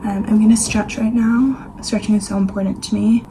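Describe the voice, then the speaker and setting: A woman's voice: mid-range voice, little pitch movement, fairly quick, slight background noise, low-quality recording. A young woman chatting casually in a home vlog, rambling with lots of fillers and sometimes dropping to a near-whisper. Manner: soft, sometimes half-whispered. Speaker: vlogger. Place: home, kitchen and getting ready. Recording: audible room ambience behind the voice.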